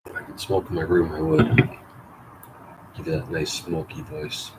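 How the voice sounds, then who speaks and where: A man's voice: rumbling low, flat delivery, normal speed. A man reading and editing his own story aloud live, wry, profane and self-mocking. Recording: loud background noise.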